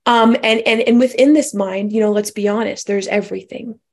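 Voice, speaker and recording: A woman's voice: mid-range voice, fairly even intonation, fairly quick. Woman, spiritual speaker, reflective talk, musing, restarts and asides.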